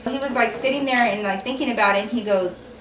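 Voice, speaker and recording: A young woman with a slightly high voice tells a story to camera in a chatty, frank way, swearing freely. She sits a little back from the mic in an echoey room with faint room noise behind her. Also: fast talker, fairly bright tone, far from the mic. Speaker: vlogger telling a story. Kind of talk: casual storytime.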